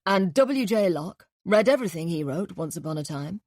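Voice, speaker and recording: A woman reading an audiobook, voicing a practical male police detective who speaks in a low-key, matter-of-fact way. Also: expressive, normal speed, a little mellow, no room sound, clean studio sound. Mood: casual.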